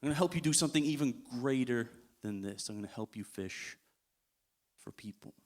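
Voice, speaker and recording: A patient teacher who speaks softly and reassuringly, as a preacher puts him on mid-sermon. His voice stays at an everyday middle pitch. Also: normal speed, close to an everyday voice. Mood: gentle reassurance. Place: church.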